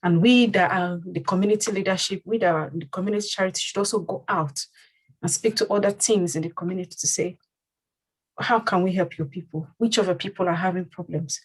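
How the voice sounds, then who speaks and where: A community leader hosts a panel discussion, speaking earnestly and repeating phrases for emphasis. Her voice is fairly low and breathy, and she talks fairly quickly. The audio quality is poor.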